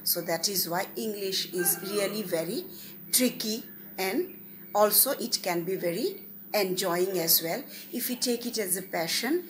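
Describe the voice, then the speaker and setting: Slow, deliberate woman lecturing. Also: medium pitch. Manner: measured, deliberate, stresses key words. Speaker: guest lecturer. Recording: faint background noise.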